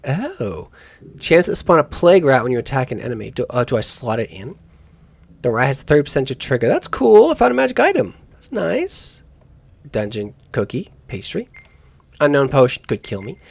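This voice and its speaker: A gaming YouTuber with a medium-pitched male voice does let's play commentary at a brisk clip. His intonation is lively as he muses aloud in rambling asides, correcting himself along the way.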